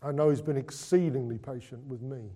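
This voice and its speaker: A man giving a conversational Christmas sermon, moving between hushed and excited delivery with lots of repetition. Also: medium pitch, brisk. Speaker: preacher.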